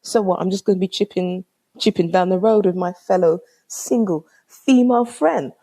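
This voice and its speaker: A woman's voice: medium pitch, moderate pace, dark tone. A young woman with a London accent hosting her own podcast. She tells a story in casual slang, exclaims often and acts out both sides of a conversation. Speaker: podcast host.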